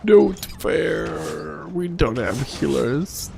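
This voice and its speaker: A man live-streaming an online game, commenting as he plays, jumping from quiet muttering to excited outbursts. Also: medium pitch, a little slow. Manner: excitable, reacts loudly to the game, then mutters to himself.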